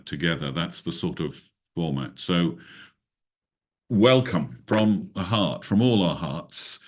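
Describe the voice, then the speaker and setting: A man with an English accent hosting an online prayer meeting, genial and rambling over a video call. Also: low-pitched. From England. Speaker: host.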